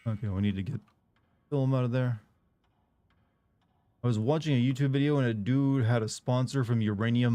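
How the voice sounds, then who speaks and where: A young man streaming a video game, chatting casually in a monotone and rambling with restarts. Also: medium pitch, dry recording. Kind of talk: casual chat while streaming.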